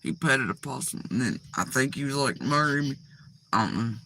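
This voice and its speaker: A woman's voice: a bass voice, brisk, gravelly, a bit bright, slight background noise. A woman host giving rambling, profane reaction commentary in a casual chat style. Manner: rambling, profane, drawling asides.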